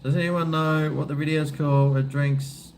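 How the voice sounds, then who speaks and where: A middle-aged man with an Australian accent chats casually and rambles between sips of beer. His talk is loose, jokey and full of swearing. A steady noise sits behind his voice. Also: fairly high pitch, normal speed. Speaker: live-stream host. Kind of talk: casual chat while drinking beer.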